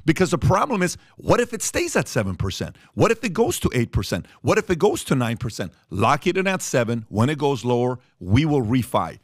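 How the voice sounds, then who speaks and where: Animated man with fillers and repeats. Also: medium pitch, a little fast, hardly any pauses, no room sound, clean studio sound. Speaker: podcast host. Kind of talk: casual studio talk.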